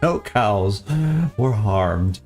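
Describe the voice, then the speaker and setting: A man's voice: on the low side, extremely slow, darkish tone, soft background music. Easygoing man chatting on a live stream. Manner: easygoing, chuckles often, repeats phrases. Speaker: live-stream game host. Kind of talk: casual live-stream chat.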